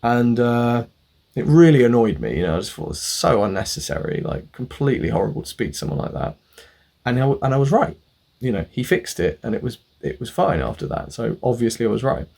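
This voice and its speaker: A man's voice: mid-range voice, sing-song, brisk, gravelly, a little mellow. A man vlogging a casual, profane story, animatedly acting out both sides of an argument. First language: not the local language of where he lives.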